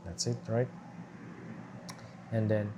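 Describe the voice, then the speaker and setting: A young man gives a casual screen-share walkthrough of his thesis research, explaining with lots of fillers and restarts. He speaks slowly in a lowish voice with fairly even intonation, while airplane noise from a nearby airport carries in the background.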